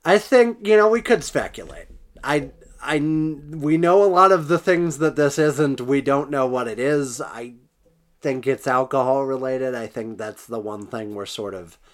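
A man's voice: mid-range voice, measured pace. A man co-hosting a casual podcast, reading out quotes and laughing at them wryly. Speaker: podcast co-host. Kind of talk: casual chat.

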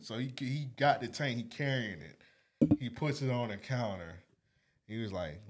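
A man co-hosts a podcast, trading funny stories in casual chat and acting out the people he quotes like an animated storyteller. His voice sits at a medium pitch and moves a little slowly. The recording is very noisy.

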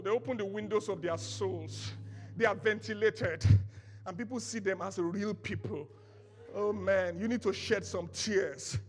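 A man preaching a sermon as pastor, swinging between shouted bursts and soft asides, leading the congregation in call-and-response. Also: high voice.

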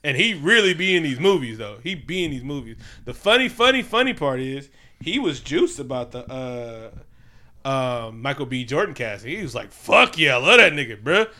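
A man co-hosting a casual movie review chat, animated and profane, often slipping into quick impressions. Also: mid-range voice. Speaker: podcast co-host.

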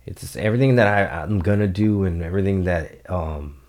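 Deep male guest, loose and profane, tells stories with big swings in energy. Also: brisk. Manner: loose, profane, animated storytelling. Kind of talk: casual storytelling.

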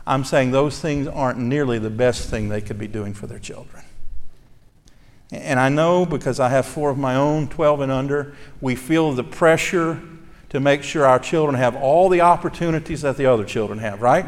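Guy pastor giving a sermon, medium pitch, earnest, keeps asking the crowd questions, big echoey church. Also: normal speed. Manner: earnest, conversational preaching with rhetorical questions. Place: church sanctuary. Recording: long reverb of a large church hall.

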